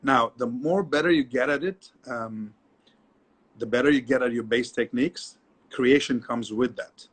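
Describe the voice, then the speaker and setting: A middle-aged man, a dance teacher, talking as an interview guest, lively and repetitive, often adding "you know". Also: mid-range voice, moderate pace, husky. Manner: animated storyteller, repeats himself, many "you know"s. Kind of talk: casual interview chat.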